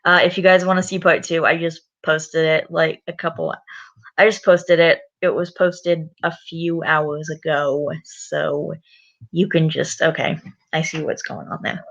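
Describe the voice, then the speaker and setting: A woman's voice: sits low, flat delivery, a little slow, highs cut off. A young woman YouTuber chatting casually between read-aloud lines, laughing often and saying "like" a lot. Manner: chatty, laughs often, many filler likes. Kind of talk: casual read-along chat.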